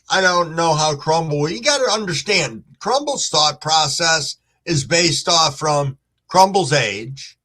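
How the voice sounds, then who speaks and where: Middle-aged male streamer, relaxed chat host, slow unhurried pace, bright lively voice. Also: on the high side. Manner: laid-back, reads chat aloud, hums to himself. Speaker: livestream host. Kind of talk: casual livestream chat, greeting viewers.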